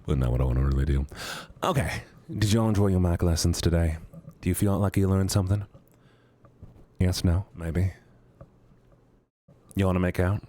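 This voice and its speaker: A young man streams from home, chatting playfully with viewers into a handheld studio mic, rambling and teasing. His voice is deep and dark, at a normal speed with long pauses.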